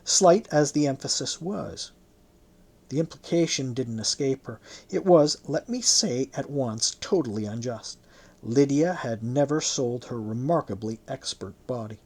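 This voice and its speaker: Slow, measured audiobook narrator. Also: medium pitch, expressive, darkish tone. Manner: slow, measured literary reading. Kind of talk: first-person novel narration.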